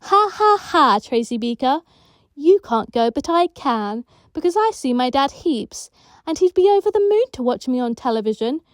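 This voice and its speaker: A woman's voice: a little high, moderate pace, few pauses, a little mellow, smooth, no room sound, studio quality, lightly acted. A woman doing a gloating, spiteful little girl. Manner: taunting, gloating. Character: spiteful mocking young girl.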